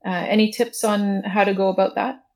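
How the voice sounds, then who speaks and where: A woman's voice: mid-range voice, fairly even intonation, fairly quick, darkish tone. A woman on a casual panel, asking follow-up questions in a friendly way.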